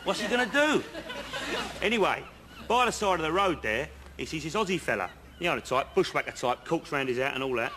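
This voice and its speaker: A rambling painter. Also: male voice, fairly high pitch, expressive, brisk, bright, forceful tone, a little hiss or hum. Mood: chatty. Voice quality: chatty, earnest storyteller, leading asides. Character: rambling working-class male painter spinning pointless yarns. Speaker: house painter. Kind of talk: comedy sketch acting. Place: outdoors on a bridge.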